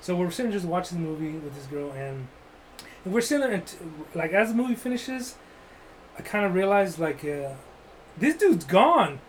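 A man's voice: sits high, animated, fairly quick, slight background noise, poor audio. A man telling a rambling, crude, joking story in casual chat, full of "like" and restarts.

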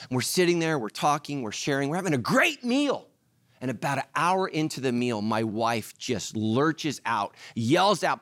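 A middle-aged male pastor preaching a sermon, telling stories and acting out voices with lively energy. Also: on the high side, no room sound, studio quality. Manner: animated storytelling, acts out voices.

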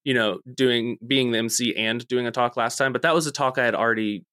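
A man chats on a podcast in a mid-pitched voice, playful and quick to laugh at his own jokes. The sound is dry, with no room echo. He is talking over a remote call from what sounds like a home office. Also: pushed and bright, clear, resonant tone. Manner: playful, self-mocking humor. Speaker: podcast co-host. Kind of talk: casual chat.

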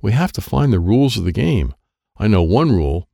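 A man's voice: lowish voice, big pitch swings, brisk, vocal fry, mellow, no echo, clean studio sound. A man narrating a children's storybook in the first person as a boy, in plain, simple sentences. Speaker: audiobook narrator.

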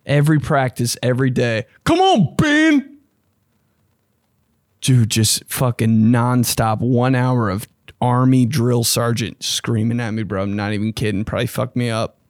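In a clean studio recording without echo, a young podcast host delivers a laid-back monologue at normal speed. His excitable, slang-heavy delivery is full of swearing and frequent jumps into mocking high-pitched voices.

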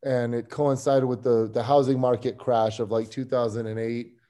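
A man's voice: mid-range voice, flat delivery, moderate pace, mellow. A man, a strength coach and podcast guest, recounting his career in an easygoing, rambling way, chuckling often. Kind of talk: casual interview storytelling.

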